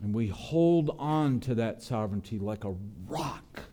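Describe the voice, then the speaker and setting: A man preaching a sermon, earnest, his voice dropping low and soft on tender lines and lifting on prayers. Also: lively intonation, a little slow. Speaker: pastor.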